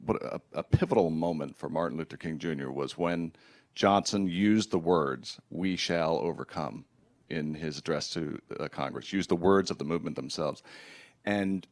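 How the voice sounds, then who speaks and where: A man's voice: very deep voice, normal speed, dry recording. A man hosting a public conversation, asking thoughtful questions with some hesitation. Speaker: host. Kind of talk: conversational interview.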